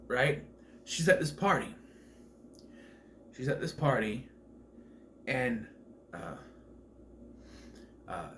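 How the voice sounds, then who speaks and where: A man's voice: mid-range voice, fairly bright tone, a little hiss or hum. Rambling man reviewing a film. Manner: rambling, filler-heavy, self-correcting. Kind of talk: casual film commentary.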